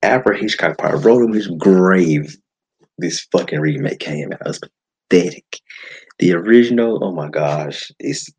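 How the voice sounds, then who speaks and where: A man hosting a podcast, giving a blunt, animated movie-review monologue with frequent swearing. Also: deep voice, measured pace, husky, rough recording. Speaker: podcast host.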